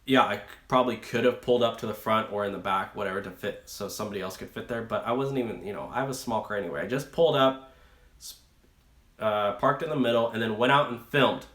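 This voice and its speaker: Speaking quickly in a lowish, fairly bright voice, a young rideshare-channel host rambles through a story on his live stream, with many fillers and restarts in his casual chat. The room sounds echoey.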